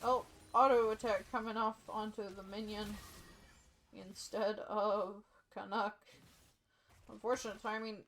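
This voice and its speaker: A young woman casting a live esports match in a relaxed play-by-play, tired and yawning. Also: mid-range voice, unhurried, a little hiss or hum. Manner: sleepy, yawning, casual play-by-play. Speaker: esports caster.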